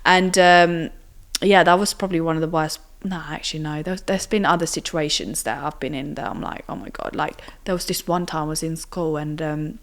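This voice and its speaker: A young woman with a slightly low voice talks as an interview guest. She recounts personal experiences in a loose, chatty way. Her sentences are strung together with constant fillers and tag questions. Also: fairly even intonation, brisk. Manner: chatty, filler-heavy with frequent "like" and "do you know what I mean". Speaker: podcast guest.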